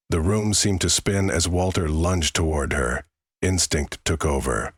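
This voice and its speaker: A man's voice: deep voice, a little slow, breathy edge, dry recording, clean studio sound. A man giving grave, dramatic scripted true-crime narration.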